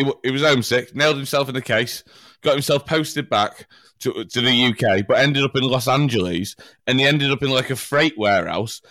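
A man's voice: mid-range voice, fairly bright tone, no echo. Blunt sweary man, dry sound. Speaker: podcast co-host. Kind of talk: casual chat.

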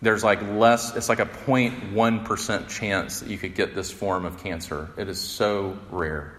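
A man's voice: on the low side, steady tone, a little slow, a bit bright, long reverb tail. A man preaching a conversational, earnest sermon as a pastor. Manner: earnest, conversational, voice rising when acting out quotes.

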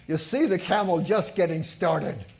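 A man's voice: a little high, expressive, unhurried. A man preaching a sermon in a church, telling stories and stressing key points with rising emphasis. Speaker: pastor.

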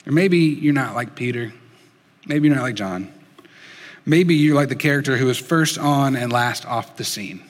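A man preaching a sermon in an earnest storytelling way, dropping soft and slow for emphasis. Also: mid-range voice, long reverb tail. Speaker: pastor.

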